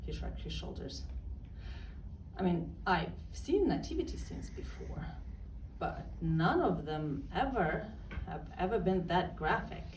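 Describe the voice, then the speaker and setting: A woman telling a personal story in a wry, deadpan comic way. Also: on the low side, unhurried, slight background noise. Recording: roomy and distant with faint ambience.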